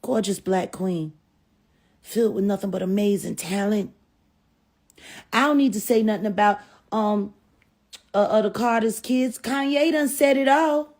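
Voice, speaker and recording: A middle-aged woman giving a heated, profane live stream rant that swings between sharp insults and weary muttering. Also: medium pitch, unhurried, long pauses.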